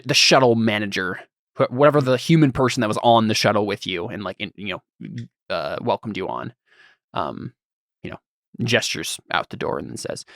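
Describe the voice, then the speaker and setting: A man's voice: on the low side, creaky, a bit bright, no echo, clean studio sound. A man narrating as game master for a tabletop game, rambling and searching for words as he describes the scene.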